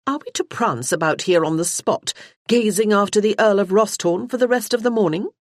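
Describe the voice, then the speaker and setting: A woman's voice: mid-range voice, a little fast, no room sound, clean studio sound, voice pushed up, natural voice. A woman voicing a proud, scornful noblewoman in an audiobook. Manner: crisp, scornful.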